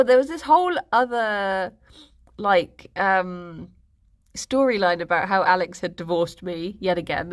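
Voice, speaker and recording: A young woman, chatting casually on a stream and telling rambling stories with lots of giggles. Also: lowish voice. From England. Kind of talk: casual chat.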